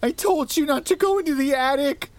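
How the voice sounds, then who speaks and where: A man's voice: mid-range voice, expressive, a little slow, dry recording, pitched above the performer's own voice. A man voicing a frightened wife who is haunted by her dead twin, speaking desperately and breaking into sobs. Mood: panicked.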